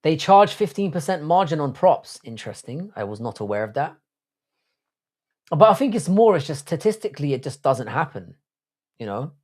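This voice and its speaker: A man's voice: a little high, sing-song, moderate pace, darkish tone. A man hosting a casual livestream chat, rambling and swearing, often restarting his sentences. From Ireland. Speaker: podcast host.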